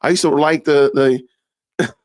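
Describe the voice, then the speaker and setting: A man's voice: mid-range voice, fairly even intonation, a little slow, dry recording, clean studio sound. Laughing, incredulous man reacting. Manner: incredulous, laughing, folksy asides. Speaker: commentary streamer. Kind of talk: casual reaction commentary.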